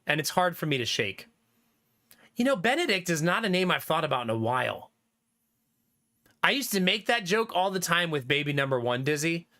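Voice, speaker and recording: A man's voice: fairly high pitch, sing-song, moderate pace, pauses often, pushed and bright. A man in his thirties, a livestreamer chatting casually with viewers, reading chat aloud and laughing often.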